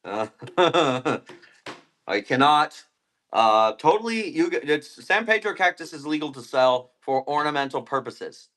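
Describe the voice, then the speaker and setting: A man's voice: on the high side, sing-song, unhurried, a bit bright. A man selling plants on a live stream, chatting casually and rambling between topics while eating. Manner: rambling, laid-back, eating while talking.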